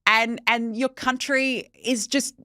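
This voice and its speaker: Bright-voiced woman hosting news commentary. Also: on the high side, steady tone, clear, resonant tone, no room sound, studio quality. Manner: incredulous, brisk, with filler ums. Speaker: host. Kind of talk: opinionated news commentary chat.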